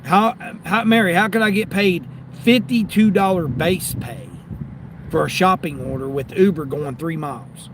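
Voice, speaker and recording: A fairly high-pitched man chats loosely to his livestream viewers from the driver's seat. Faint road and car noise sits under his voice. He rambles and answers comments as they come in. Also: moderate pace. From United States. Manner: rambling, talks back to chat. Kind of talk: casual livestream chat.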